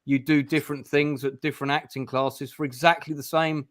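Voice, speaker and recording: A man's voice: a little high, flat delivery, fairly quick, a bit bright, no echo, studio quality. A British man hosting an interview stream, chatty and encouraging as he puts questions to his guests. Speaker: host.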